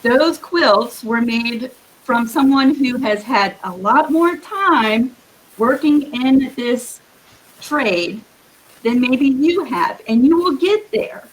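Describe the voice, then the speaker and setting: A woman giving earnest, encouraging quilting advice as a guest on a live video call, with a husky morning voice. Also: high-pitched, lively intonation, slow, poor audio. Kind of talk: live-streamed advice talk.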